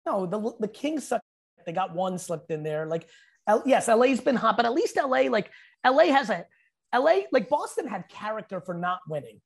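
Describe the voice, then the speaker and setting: A man's voice: sits high, very animated, normal speed, creaky. A man who is a guest in a casual chat, teasing and opinionated and often talking over the others.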